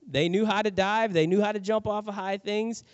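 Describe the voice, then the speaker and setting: Animated storytelling preacher, dry dull sound. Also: male voice, high voice, moderate pace, no room sound. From New Orleans, USA. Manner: animated storyteller, acts out quotes. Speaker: pastor. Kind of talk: sermon with personal story.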